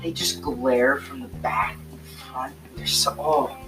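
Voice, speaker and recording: A man's voice: medium pitch, fairly even intonation, slow, over music, poor audio. A teenage boy co-hosting a podcast in laid-back, giggly casual chat. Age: teens. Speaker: podcast co-host.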